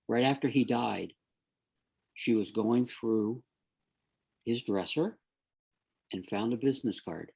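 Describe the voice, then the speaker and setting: A man talks as a guest on a podcast, telling his story in an earnest, animated way and circling back over his own words. His voice has a gravelly fry, with a husky, slightly rough grain. The delivery stays conversational and unscripted. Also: mid-range voice, slow, long pauses. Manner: earnest, animated storyteller who often repeats himself. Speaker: guest, forensic detective.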